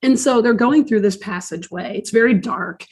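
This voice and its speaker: A woman's voice: medium pitch, normal speed, darkish tone, slightly rough. A woman co-hosting a podcast, recapping a cartoon episode in casual chat, swearing and laughing often.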